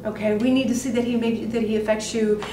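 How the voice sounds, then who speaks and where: Animated woman acting coach, echoey room. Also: on the high side, quick pace, noisy background. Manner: animated, acts out lines while explaining. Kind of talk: giving scene notes to an actor. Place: acting studio classroom. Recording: echoey room, far from the mic.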